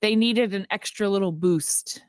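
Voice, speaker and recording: A woman co-hosting a casual movie podcast, retelling scenes and acting out the lines in quick voices. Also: mid-range voice, no room sound, studio quality. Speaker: podcast co-host. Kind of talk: casual movie recap chat.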